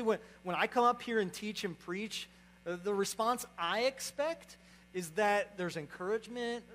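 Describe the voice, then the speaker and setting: A young adult man preaches a sermon as a pastor, his voice high-pitched and a bit bright. He speaks conversationally, often checking in with the congregation by asking "right?" The recording is low quality, with a little hiss or hum.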